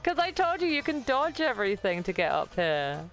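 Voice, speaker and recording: A man's voice: very high-pitched, sing-song, moderate pace, vocal fry, fairly bright tone. A man from the UK chatting casually during a game stream, bossy and laughing often. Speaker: co-player, streamer guest. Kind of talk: casual gameplay chat.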